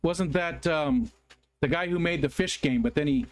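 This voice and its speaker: A man from the United States hosts a relaxed livestream, talking to his viewers and answering their comments as they come in. His voice sits a little high for a man. He rambles and apologizes freely, filling pauses with ums and restarting his sentences. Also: smooth. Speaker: livestream host. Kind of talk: casual livestream chat, reading viewer comments aloud.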